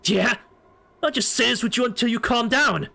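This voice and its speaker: A man streamer reading aloud as a hot-headed, stubborn young man, delivering blunt lines in loud, rising outbursts. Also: very high voice, normal speed, gravelly, voice pushed up, heavily acted. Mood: defiant. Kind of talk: reading a game's story mode aloud.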